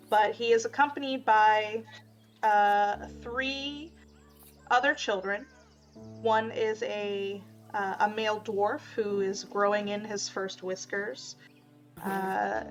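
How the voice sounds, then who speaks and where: A woman game master narrating a tabletop game in an unhurried way, full of fillers. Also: medium pitch, dull audio.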